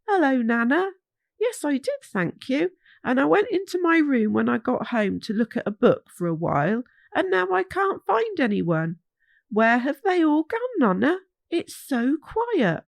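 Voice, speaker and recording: A woman's voice: big pitch swings, unhurried, gravelly, no echo, full character voice. A woman voicing a cheerful, polite little boy hog in a children's storybook. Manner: bright, eager, high childlike voice.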